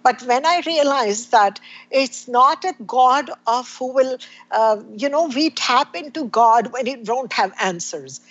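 Husky-voiced woman, earnest and searching. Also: sits high, expressive, measured pace, dull audio. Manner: earnest, searching, with many restarts. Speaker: guest. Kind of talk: reflective conversation.

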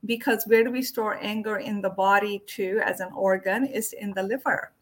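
A woman hosting a casual wellness conversation, talking expressively and quick to agree. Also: mid-range voice, fairly even intonation. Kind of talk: casual spiritual wellness chat.

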